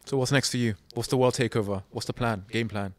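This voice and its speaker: A man hosting an interview, asking questions in a quick, playful, teasing way. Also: medium pitch, dry recording. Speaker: host.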